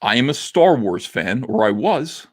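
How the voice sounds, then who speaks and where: A man hosting a comics livestream, talking in a theatrical monologue that swings between quiet and loud, with frequent laughs. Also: medium pitch, big pitch swings, unhurried, breathy edge.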